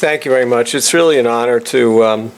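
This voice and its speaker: A middle-aged man with a New York accent giving a halting introductory speech to an audience, full of fillers and restarts. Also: mid-range voice, noisy background. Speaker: introductory speaker.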